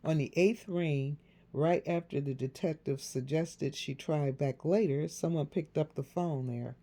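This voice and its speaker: A woman narrating a novel in a measured storytelling delivery. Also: deep voice, mellow. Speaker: audiobook narrator.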